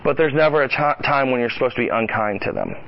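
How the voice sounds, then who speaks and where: A man's voice: mid-range voice, fast talker, vocal fry, muffled recording, slight background noise. A man in his thirties giving a conversational sermon to a group of dads. He mixes Bible verses with family stories and laughs as he tells them. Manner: conversational, laughs at his own stories, acts out the voices of his child and wife. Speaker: speaker at a church talk for dads. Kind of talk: casual sermon with personal stories.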